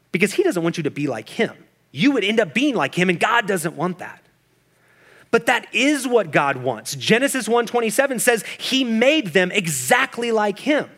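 A man's voice: high voice, fairly bright tone. A man preaching a sermon as pastor, building through long runs of repeated rhetorical questions. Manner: building repetition, rising intensity in rhetorical questions.

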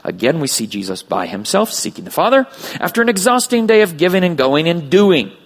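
Animated gravelly male preacher. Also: on the high side, fairly quick. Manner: animated preaching with acted voices of children. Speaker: pastor. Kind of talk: sermon.

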